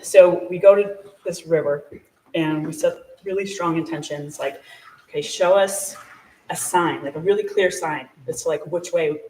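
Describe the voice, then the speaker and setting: A guest at a live event in a small shop tells a personal story, chatting warmly at a normal speed in a medium-pitched voice, laughing often and saying "like" constantly. The room echoes, the voice is picked up from a distance, and there's a little hiss or hum.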